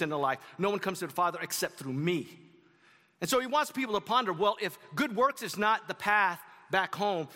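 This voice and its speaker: A man's voice: sits high, pushed and bright, in a large hall. A man preaching a sermon to his congregation in a conversational way, with asides to the audience. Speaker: pastor. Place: church sanctuary.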